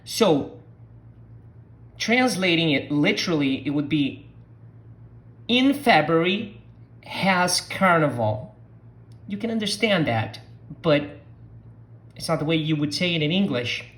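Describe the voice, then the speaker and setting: A Portuguese speaker from Brazil, teaching a slow language lesson and patiently repeating words for learners to copy. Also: mid-range voice, lively intonation, a bit bright.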